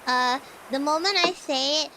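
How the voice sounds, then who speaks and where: A woman's voice: high voice, normal speed, background noise. A young woman streamer with a lisp, chatting casually and breaking into dramatic outbursts.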